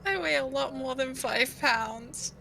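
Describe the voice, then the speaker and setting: Bright, outspoken woman player. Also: high-pitched, a little slow, gravelly, slight background noise. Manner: bold, blunt, outspoken. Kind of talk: in-character tabletop play.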